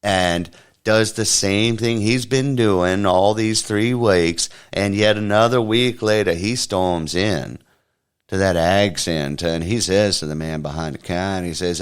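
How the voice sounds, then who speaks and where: Male podcast host, low deep voice, folksy drawn-out joke telling. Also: smooth.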